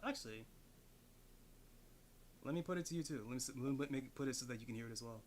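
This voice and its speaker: A man live-streams from his home desk, talking fast in a mid-range voice, rambling and swearing as he thinks out loud. His desk mic sits farther away than usual at an odd angle, and there's a little hiss or hum.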